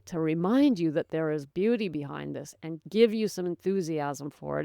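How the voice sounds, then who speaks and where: Woman, motivational solo talk, folksy and encouraging, gravelly voice, smooth and close, dry sound. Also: fairly low pitch, expressive, normal speed, few pauses, dark tone, dry recording. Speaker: podcast host, sobriety coach.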